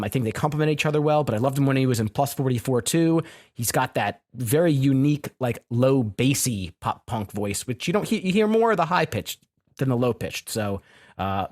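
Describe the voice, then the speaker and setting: A male podcast co-host with a mid-range voice, talking in a casual, easygoing way. He often drops off quietly at the end of a phrase and stumbles over repeated words. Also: mid-range voice.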